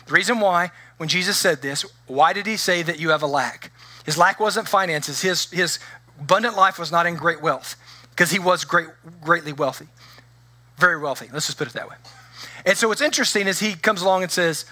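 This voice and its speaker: Male pastor, conversational preaching that acts out quotes; bright tone, close dry sound. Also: on the high side, dry recording. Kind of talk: sermon.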